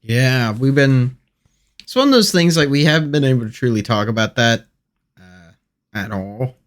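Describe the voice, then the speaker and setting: A man hosting a casual gaming show, easygoing and quick to agree with short replies. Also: mid-range voice, expressive. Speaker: host and player.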